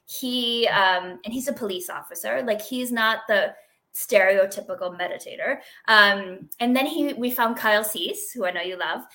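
A middle-aged woman speaks as an interview guest, her voice bright and a little high. She talks in a chatty, animated way, full of fillers and quick laughs. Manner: chatty, expressive, lots of "like" and laughs. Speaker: guest sharing a healing story. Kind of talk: casual interview conversation.

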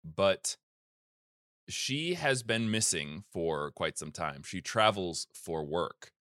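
A man's voice: low-pitched, animated, slow pace, a bit bright, dry recording, studio quality. A man hosting a casual comedy podcast, recapping a story with a rambling, jokey manner and lots of fillers. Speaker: podcast host recapping game lore.

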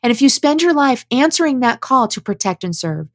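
A woman's voice: high-pitched, very animated, brisk, dry recording. Earnest preachy woman, dry close sound. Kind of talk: impassioned spoken commentary, reading prepared statements.

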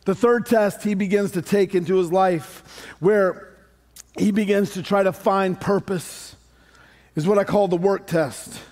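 A middle-aged male pastor delivers a sermon in a high-pitched voice. He preaches in an animated, conversational way, mixing scripture with humorous asides to his congregation. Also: unhurried.

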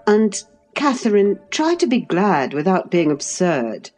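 A woman reading an audiobook, voicing a fastidious, cross gentleman husband in a peevish, dismissive tone. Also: mid-range voice, big pitch swings, soft background music. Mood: irritable. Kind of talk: audiobook character voice.

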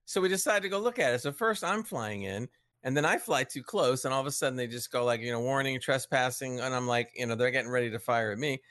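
A man's voice: medium pitch, animated, quick pace, a bit bright, dry recording, studio quality. A man on a podcast, casually telling a gaming story with chuckles and friendly asides. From United States. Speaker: podcast co-host. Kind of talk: casual chat.

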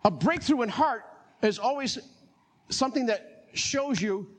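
Lively, husky-voiced preaching man. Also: extremely high pitch, measured pace. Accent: North Carolina. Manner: animated, laughing often, acting out voices. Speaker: pastor. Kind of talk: sermon.

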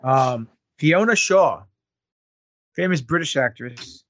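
A man's voice: on the high side, animated, takes it slowly, noisy background. A man co-hosting a casual podcast, rambling and joking with plenty of fillers. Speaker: podcast co-host.

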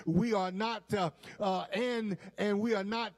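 A man's voice: high-pitched, fairly even intonation, measured pace. A man preaching a sermon to a congregation. He speaks with emphasis, repeats key lines and keeps checking that his listeners are following him. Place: church.

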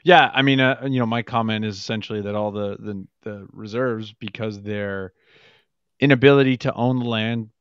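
A man's voice: lowish voice, steady tone, normal speed, clear, resonant tone, dry recording. A man co-hosting a podcast conversation, talking thoughtfully and correcting himself mid-sentence. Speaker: co-host. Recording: dull, dry lo-fi sound.

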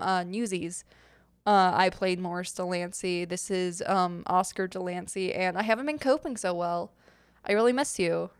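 A woman's voice: medium pitch, clear, resonant tone, dry recording, clean studio sound. Rambling young woman podcast host. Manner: rambling, giggly, lots of fillers. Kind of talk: casual solo Q&A.

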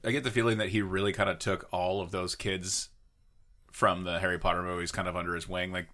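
Mężczyzna o jasnym brzmieniu, luźna pogawędka. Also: male voice, deep voice, flat delivery, fast, bright, forceful tone. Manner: loose, profane banter. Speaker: podcast co-host. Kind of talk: casual podcast chat.

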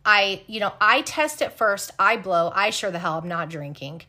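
A woman host telling a story in casual, blunt talk, animated and swearing freely. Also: mid-range voice, moderate pace. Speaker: podcast host.

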